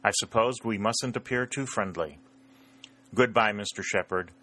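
A man's voice: fairly low pitch, moderate pace, bright, forceful tone. A man voicing an eager young male Southern staff officer in a storybook reading, earnest and friendly. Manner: earnest, calling out across water.

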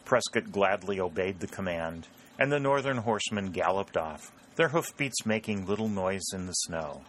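A man narrating an audiobook in a measured, steady way. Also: deep voice, a little hiss or hum.

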